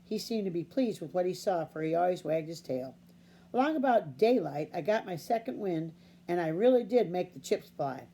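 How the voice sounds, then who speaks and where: A woman reading a children's novel aloud in a steady, unhurried storybook narration. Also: lowish voice. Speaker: audiobook reader.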